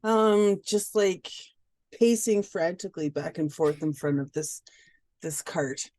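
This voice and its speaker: A woman's voice: lowish voice, slow, a little mellow, no echo. A young woman playing a character in a tabletop game, speaking hesitantly with many restarts. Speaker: player. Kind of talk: tabletop role-play.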